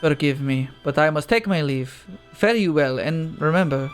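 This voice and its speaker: A man reading as a grave, formal ally bidding a solemn goodbye, voice pitched low and measured. Faint game music sits under the lines. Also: lightly acted. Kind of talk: reading game dialogue aloud.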